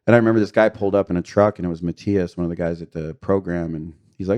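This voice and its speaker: Low-voiced middle-aged man, podcast guest, candid and confessional testimony with fillers. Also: very fast, few pauses, darkish tone. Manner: earnest, confessional, with frequent fillers and short laughs.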